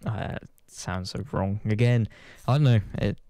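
A man's voice: lowish voice, moderate pace, warm tone, no room sound, studio quality. A man chatting casually to his channel's viewers, rambling and self-deprecating, swearing offhand. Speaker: gaming channel host. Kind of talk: casual chat to camera.

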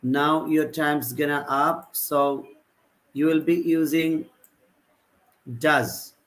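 A man teaching a live online class, repeating example sentences with a halting delivery. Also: on the high side, fairly even intonation, a bit bright, low-quality recording. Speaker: English teacher.

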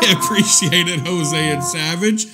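This man runs a foul-mouthed live commentary stream, cracking crude, mocking jabs and chuckling at them himself. He veers between low grumbles and loud outraged tirades, very animated yet unhurried, with music playing underneath.

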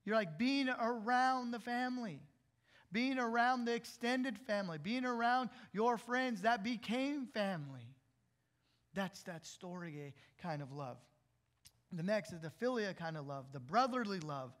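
A pastor delivers a sermon from the pulpit of a church in a relaxed, conversational way. His voice sits high for a man, and he keeps tossing questions out to his listeners, his energy lifting as he goes. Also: moderate pace. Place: church sanctuary.

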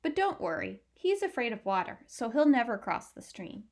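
A woman's voice: a little high, big pitch swings, normal speed, darkish tone. A woman voicing a fat old male mouse in a storybook, scornful and snorting.

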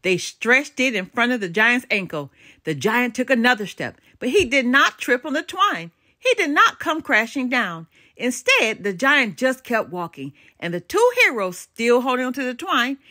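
Older woman, storybook read-aloud, animated and expressive, bright, lively pitch. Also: normal speed.

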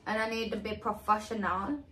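A young woman in her twenties chatting casually through a haul unboxing, excitable, exclaiming and swearing freely. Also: medium pitch, fairly quick. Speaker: vlogger. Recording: echoey room with faint hiss.

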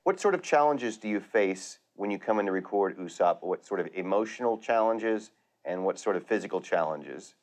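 A middle-aged man interviewing a voice actor, asking relaxed, brief questions. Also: fairly low pitch, moderate pace. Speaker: interviewer, ADR director. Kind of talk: casual interview.

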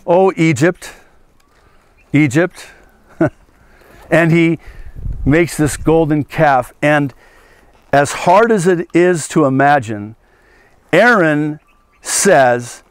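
A man, preaching as a pastor, animated, acting out biblical voices and laughing at his own jokes. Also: fairly high pitch, clear, resonant tone, dry recording. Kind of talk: outdoor teaching sermon. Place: outdoors at an archaeological site.

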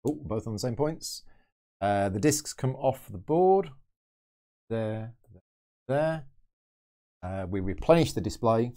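A man's voice: mid-range voice, expressive, takes it slowly, long pauses, warm tone. A man hosting a board game channel, thinking aloud as he plays through a solo game and explains each move. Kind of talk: solo game playthrough commentary.

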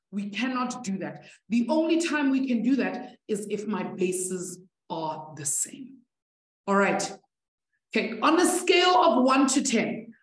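A chatty, encouraging woman teaching a live online maths class, laughing easily with her students. Her voice rings with the echo of the room around her. She is from South Africa. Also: fairly high pitch.

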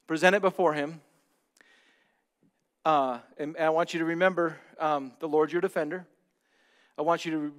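A pastor preaches a sermon in a voice on the high side, speaking earnestly and directly to the congregation. He swings from loud, emphatic bursts to hushed asides.

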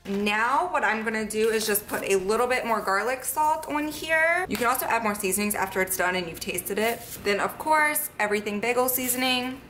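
A woman's voice: a little high, animated, brisk, hardly any pauses, a bit bright, soft background music. A woman talking viewers through a recipe step by step in her home kitchen, in a casual, chatty way. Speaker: cooking vlogger. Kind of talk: casual cook-along narration.

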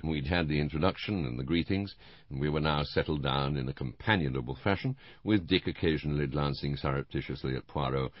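A man narrating an audiobook in a measured first-person storytelling manner. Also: very deep voice, no echo, highs cut off.

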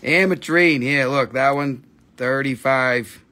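A man running a live gem sale in loose, casual patter. He fires off prices bluntly and swears without a second thought, in a voice of ordinary middle pitch. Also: bright, forceful tone. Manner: blunt, swears freely, quick price calls. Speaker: host of a live gemstone sale.

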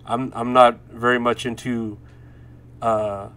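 A man's voice: medium pitch, level tone, takes it slowly, a bit bright. A man in his thirties hosting a podcast alone, rambling through stories with lots of swearing and laughs. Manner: rambling, profane, laughs while telling stories. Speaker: podcast host. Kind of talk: casual solo chat.

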